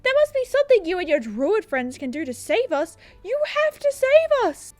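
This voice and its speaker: A woman's voice: very high-pitched, sing-song, normal speed, a little mellow, no room sound, voice pushed up. A woman playing a panicky councilman. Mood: pleading. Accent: Australian. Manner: dramatic, alarmed, pleading. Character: panicky fretful male village councilman.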